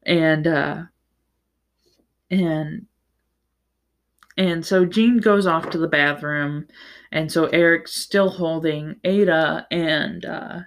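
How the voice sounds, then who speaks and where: A woman's voice: low voice, takes it slowly, pauses often. A woman hosting a podcast, giving a casual, rambling book recap with plenty of fillers, restarts and the odd swear word. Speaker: podcast host.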